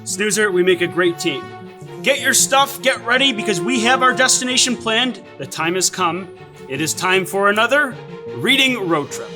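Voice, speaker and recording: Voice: medium pitch, animated, normal speed, lightly acted. A performer voicing a patient inventor character in a children's show, steering the story and announcing plans upbeat. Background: loud background music.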